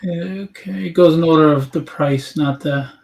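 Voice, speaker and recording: A male host with a fairly high voice chats and promotes in a casual livestream. His voice carries an echoey room sound. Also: normal speed, vocal fry, a little mellow, slight background noise. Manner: chatty, promotional.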